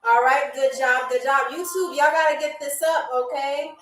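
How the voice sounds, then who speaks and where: A woman's voice: high-pitched, steady tone, moderate pace, a bit bright, far from the mic. A woman hosting a live game show, playfully teasing viewers and reading out their comments. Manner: repeats words drawn out. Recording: echoey room, a little off-mic, faint music.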